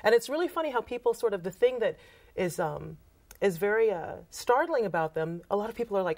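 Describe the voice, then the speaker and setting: Her pitch sits in the middle range and she talks quickly. She's a woman from Trinidad who works as a photographer and author, and in this easygoing interview she recounts anecdotes animatedly, voicing the quoted lines herself.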